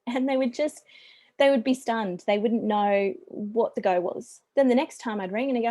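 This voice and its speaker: A woman's voice: on the high side, moderate pace, warm tone, dry recording. Upbeat Australian woman coaching. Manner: chatty and upbeat, with friendly asides. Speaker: small business coach. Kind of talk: business presentation.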